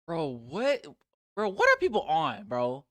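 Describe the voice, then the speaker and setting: A man's voice: on the high side, huge pitch swings, unhurried, sharp tone, dry recording, studio quality. A man hosting a reaction video, chatting casually and saying "bro" a lot. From United States. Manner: slangy, says bro a lot.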